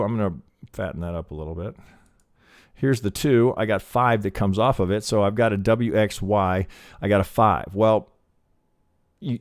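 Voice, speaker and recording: A man's voice: lowish voice, darkish tone, no room sound, clean studio sound. Rambling, profane man teaching chart trading. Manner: rambling, profane, thinking aloud with many restarts. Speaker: trading educator. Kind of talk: live chart analysis lesson.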